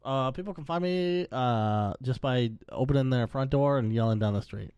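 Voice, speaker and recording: A man's voice: mid-range voice, moderate pace, darkish tone, clear, resonant tone, no echo, clean studio sound. A young man co-hosting a casual podcast chat, joking dryly and swearing casually. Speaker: podcast co-host.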